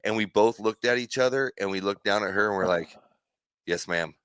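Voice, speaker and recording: A middle-aged man, a sports show guest, telling animated, jokey, self-deprecating stories in casual chat. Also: fairly low pitch, a little fast, smooth, dry recording. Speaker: guest, former pitcher.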